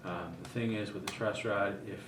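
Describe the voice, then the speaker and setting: Deep-voiced man explaining guitar setup. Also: moderate pace, echoey room, slight background noise. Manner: relaxed, thinking aloud with many ums. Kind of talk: casual demonstration.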